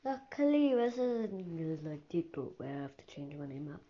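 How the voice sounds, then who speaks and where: A teenage girl hosts a casual solo podcast in a low-pitched voice with lively intonation and a moderate pace, rambling and often slipping into a whisper. The recording is dull and lo-fi, with a faint hiss.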